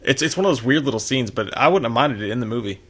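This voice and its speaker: Fast-talking profane man doing movie commentary. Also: mid-range voice, lively intonation, fairly bright tone, slightly rough. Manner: chatty, profane, shares film trivia.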